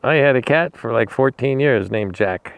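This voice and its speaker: Rambling man with a smooth voice. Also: mid-range voice, lively intonation, normal speed, no echo. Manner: rambling, repeats and restarts words; talks fondly to a dog. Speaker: animal rescuer. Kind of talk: casual storytelling while feeding a dog.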